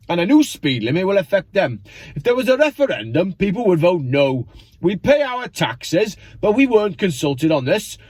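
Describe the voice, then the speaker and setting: A plain-spoken, fed-up middle-aged Welsh woman who works as a carer, as a man puts her on. Her Welsh accent is clumsy and exaggerated, and she speaks with raised emphasis, her voice swooping high and low. The sound is close and dry. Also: husky, no echo, full character voice. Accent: Welsh (put on, clumsy).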